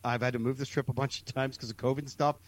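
A man co-hosting a comedy podcast in an animated, exasperated way. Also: medium pitch, rapid-fire, no echo. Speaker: podcast co-host. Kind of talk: casual comedy chat.

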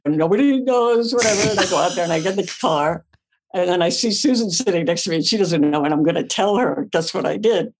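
Animated woman telling stories, lively pitch. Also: fast. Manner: lively, acts out her own past lines, swears casually. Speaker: actress and podcast guest. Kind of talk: animated storytelling.

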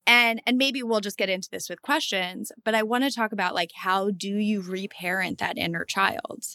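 Woman with a gravelly, dry voice. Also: mid-range voice, normal speed, bright, forceful tone, no echo. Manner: reflective, asks herself questions aloud. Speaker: podcast co-host, therapist. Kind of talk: casual podcast chat.

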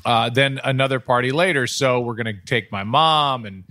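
Middle-aged male podcast host, mid-pitched, chatty storyteller. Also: moderate pace, pushed and bright, no room sound, clean studio sound. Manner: rambling anecdotal storyteller. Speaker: podcast host and sports broadcaster. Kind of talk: casual chat.

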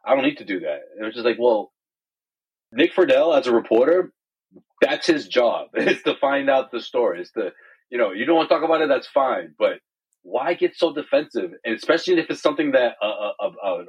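Male podcast co-host, husky, lo-fi audio, animated casual chatter. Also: mid-range voice. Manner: animated, repeats words, mimics others. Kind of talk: casual chat.

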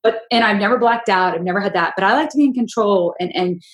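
A woman's voice: mid-range voice, fast talker, reverberant, poor audio. A woman hosting a podcast, telling stories in a casual chat and acting out what people said. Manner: animated storyteller, acts out quotes. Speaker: podcast host.

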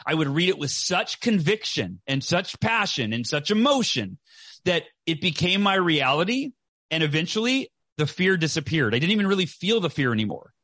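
A man's voice: a little high, fairly bright tone, dry recording. A man in his forties giving a passionate motivational interview, emphatic, repeating phrases and often asking "right?". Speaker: podcast guest, author and speaker.

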